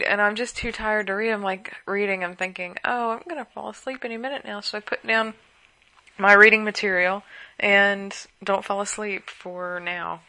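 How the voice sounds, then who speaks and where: A woman's voice: medium pitch, fairly even intonation, normal speed, sharp tone. A woman hosting a podcast at home late at night, sleepy and worn out, rambling casually through asides. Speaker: podcast host.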